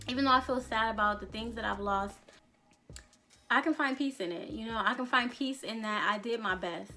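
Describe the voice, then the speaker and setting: This vlogger and songwriter in her thirties talks to camera in a casual, reflective way, wandering off track, laughing often and dropping the odd swear word. She speaks in a mid-range, bright voice with a forceful tone.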